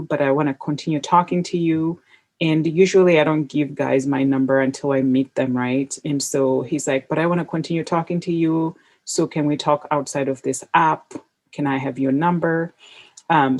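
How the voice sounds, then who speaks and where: A woman's voice: low voice, a little mellow. A woman hosting a podcast, chatting casually and telling a personal story with plenty of fillers. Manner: chatty, anecdotal, with frequent fillers. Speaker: podcast host.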